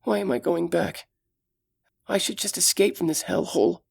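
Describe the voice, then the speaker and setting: A man voicing a frightened but brave young female elf in an audiobook, speaking in urgent, hushed tones. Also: high voice, expressive, moderate pace, gravelly, slightly rough, voice pushed up, heavily acted. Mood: anxious. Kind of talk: audiobook character voice.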